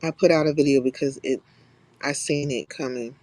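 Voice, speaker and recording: A woman's voice: rumbling low, steady tone, normal speed, warm tone, dry recording. A young woman from California hosting a live stream in blunt, profane, casual chat, laughing often. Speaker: livestream host.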